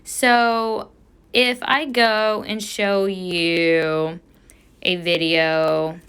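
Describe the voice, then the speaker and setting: A woman's voice: fairly low pitch, level tone, drawn-out words, a bit bright, clear, resonant tone. Earnest woman reading out comments. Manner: earnest, lecturing. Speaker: vlogger, service dog handler.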